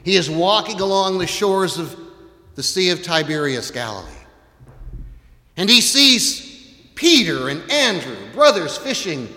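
A man preaching a sermon, retelling a story with animated, dramatic delivery. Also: high-pitched, measured pace. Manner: animated storytelling, acts out voices, rises to shouts. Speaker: pastor. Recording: long reverb in a large hall.

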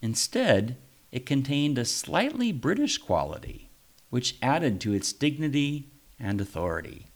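A man's voice: mid-range voice, big pitch swings, measured pace. A man, a pastor, reading his own first-person story aloud in a reflective, wry way.

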